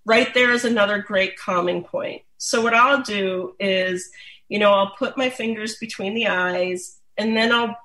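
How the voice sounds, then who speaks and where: A woman explaining dog massage in a relaxed, chatty way, with many fillers and restarts. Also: mid-range voice, unhurried. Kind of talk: casual instructional talk. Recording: roomy echo.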